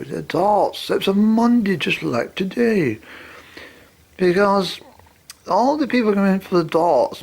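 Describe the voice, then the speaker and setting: A man rambling through a personal story, expressive and swearing now and then. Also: sits high, gravelly, husky.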